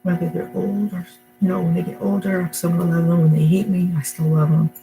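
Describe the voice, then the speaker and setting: A woman's voice: lowish voice, fairly even intonation, quick pace, gravelly, over music, low-quality recording. A middle-aged woman talking casually to camera at home, rambling and emotional, with many fillers and restarts. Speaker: vlogger. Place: her home, indoors.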